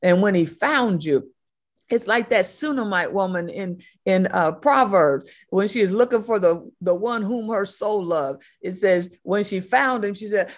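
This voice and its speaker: A woman's voice: medium pitch, measured pace. A woman preaching a sermon, impassioned, driving her points home with emphatic repetition.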